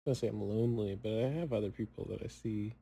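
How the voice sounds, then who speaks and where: A young man talks loosely to himself, drifting from thought to thought and poking fun at himself. His voice is mellow and dark, with long pauses left in. It sounds like a relaxed solo chat. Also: fairly low pitch, vocal fry, husky, poor audio. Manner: rambling, self-mocking, long pauses. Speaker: podcaster.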